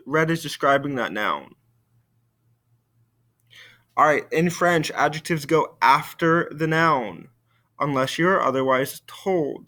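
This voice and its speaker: A man, a French teacher giving a recorded video lesson, slowly modeling words for students to repeat. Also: fairly high pitch, expressive, sharp tone. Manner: slow, careful model pronunciation for students to repeat.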